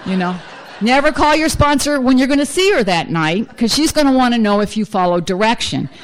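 A woman's voice: on the high side, expressive, fairly quick, a little hiss or hum. Blunt, joking middle-aged woman speaker. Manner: blunt and humorous, fills speech with "you know". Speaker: speaker sharing at a recovery meeting. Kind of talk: personal recovery share to a group.

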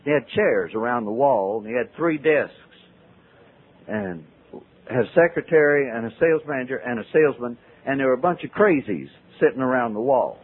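A man's voice: medium pitch, lively intonation, normal speed, slightly rough. A man telling his life story to a group, acting out the voices of the people in it. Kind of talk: storytelling talk. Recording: tinny, phone-like old recording.

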